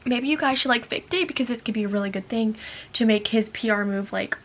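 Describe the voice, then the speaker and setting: A young woman chatting excitedly as a book vlogger, bubbly and full of "like". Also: a little high, a little fast. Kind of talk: casual chat.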